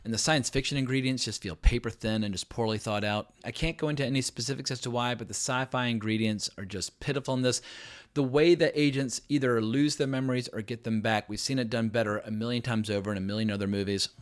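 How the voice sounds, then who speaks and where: A man's voice: mid-range voice, fairly even intonation, fast. A middle-aged man hosting his own film review channel, giving a blunt, emphatic and sarcastic verdict on a new show. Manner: sarcastic asides. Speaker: film critic, channel host. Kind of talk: opinionated video review.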